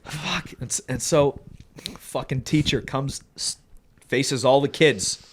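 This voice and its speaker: A man telling a story on a podcast in a casual, profane, animated way, often laughing as he talks. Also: mid-range voice, slow, a little hiss or hum. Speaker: podcast co-host.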